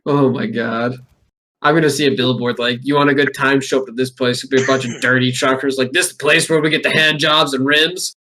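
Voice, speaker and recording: A man's voice: medium pitch, steady tone, brisk, pushed and bright. A young man co-hosting a podcast, chatting casually and acting out crude quotes in jumping voices. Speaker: podcast co-host. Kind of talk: casual comedic chat.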